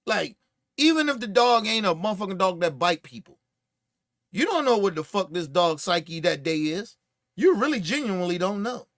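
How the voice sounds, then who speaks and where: A man hosting a podcast, telling stories in casual, profane, animated commentary and acting out what others said. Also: sits high, normal speed, no room sound, clean studio sound. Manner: profane, animated storytelling with acted-out quotes. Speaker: podcast host.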